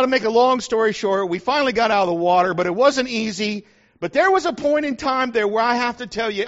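Middle-aged man, very high voice, folksy preacher telling stories, dull lo-fi recording. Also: fairly bright tone. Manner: folksy storyteller, acts out quotes. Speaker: pastor. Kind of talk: sermon with personal story. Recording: dull lo-fi sound.

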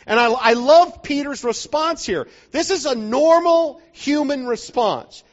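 A man's voice: extremely high pitch, lively intonation, moderate pace, hardly any pauses. A man preaching a sermon in a conversational, joking way, often asking the listeners whether they are following, in a dull lo-fi recording from a church hall.

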